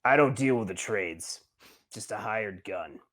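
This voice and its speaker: Gruff tabletop hired-gun guard, curt and low, a game master putting him on. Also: male voice, expressive, unhurried, fairly bright tone.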